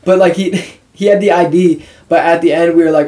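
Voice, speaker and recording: A young man with a fairly high voice who talks quickly. He rambles, circles back, and repeats phrases in casual chat. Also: steady tone, darkish tone. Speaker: podcast co-host.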